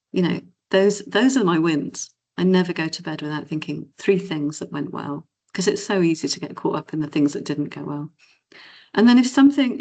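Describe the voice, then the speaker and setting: A middle-aged woman giving a motivational keynote as a confidence coach, talking casually and acting out cheery inner voices. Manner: animated, acts out inner voices in high cheery tones. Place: event hall or conference room.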